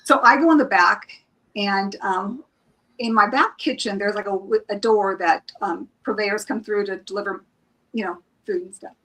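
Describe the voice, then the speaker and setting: On a live stream, a woman who appears as a psychic reader guest tells a personal story casually and emotionally, restarting often and acting out quotes. Her voice sits at a medium pitch with a fairly bright tone, and she speaks at a moderate pace. The audio quality is poor.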